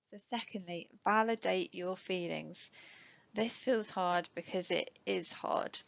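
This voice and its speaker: Lower-voiced woman on a dull webinar. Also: slow pace, creaky. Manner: warm conversational, many ums, light laughs. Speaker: educational psychologist. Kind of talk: webinar talk to parents.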